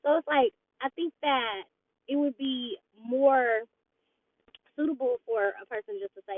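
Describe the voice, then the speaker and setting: A woman's voice: high voice, measured pace. A young woman giving blunt, candid talk in a casual vlog, mimicking friends' voices as she goes. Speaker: vlogger. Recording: tinny phone-like audio, dry.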